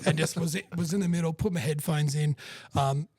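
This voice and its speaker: A man's voice: on the high side, steady tone, a little fast, a little mellow, no room sound, clean studio sound. A man, co-hosting a podcast and rambling through a story in casual, sweary chat. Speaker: podcast co-host.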